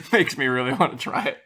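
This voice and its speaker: A man's voice: medium pitch, pushed and bright. A man co-hosting a casual film-review podcast, chatty and easily exasperated by his friend's puns. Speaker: podcast co-host.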